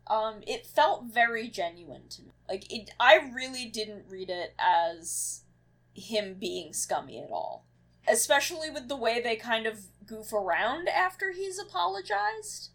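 A woman's voice: a little high, big pitch swings, measured pace, a bit bright. A woman co-hosting a podcast in casual chat, earnest and conversational. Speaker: podcast co-host.

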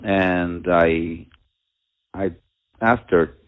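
A father telling a personal story at a community talk, halting and earnest, with many pauses and restarts. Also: deep voice, fairly even intonation, clear, resonant tone. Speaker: father telling of his daughter. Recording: tinny, phone-like narrow sound.

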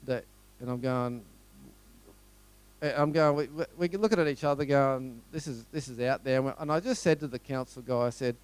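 A man's voice: medium pitch, normal speed, clean tone. A middle-aged man with an Australian accent, giving a conversational storytelling talk to a live audience, full of rhetorical questions. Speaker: motivational speaker.

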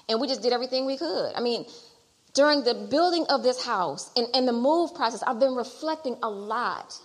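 A middle-aged woman preaching a sermon and telling her own testimony. She repeats phrases as she builds toward loud exhortation. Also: on the high side, lively intonation, fairly quick. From Detroit area. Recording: long hall reverb.

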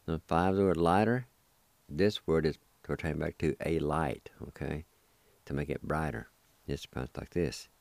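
A language teacher with a very deep, unhurried, smooth, resonant male voice leads a slow spelling and pronunciation drill, breaking words down syllable by syllable. He is patient, repeats syllables, and corrects himself apologetically, and the recording is dry and close with no echo.

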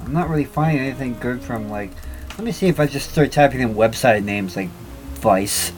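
A man's voice: mid-range voice, animated, brisk, soft background music, low-quality recording. Rambling casual male podcast co-host. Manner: rambling, thinks aloud while searching online. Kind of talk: casual chat.

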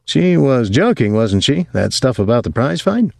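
A man's voice: mid-range voice, big pitch swings, moderate pace, creaky, dry recording, clean studio sound, voice pushed up. A man voicing a short, hearty husband who talks in a breezy, jovial way.

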